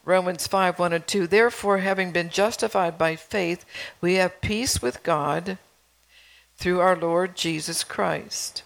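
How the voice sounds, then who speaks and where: Woman preacher, gravelly voice, chatty sermon mixing bible verses and home stories. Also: fairly low pitch, poor audio. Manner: conversational, tells personal stories between scripture readings.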